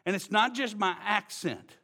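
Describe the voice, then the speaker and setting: A Texan pastor preaching from the pulpit, his voice pitched a little high for a man. He moves between quiet, slow stresses on key words and animated, louder stretches of story. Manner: swings from hushed, slow emphasis to loud, excited storytelling. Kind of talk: sermon.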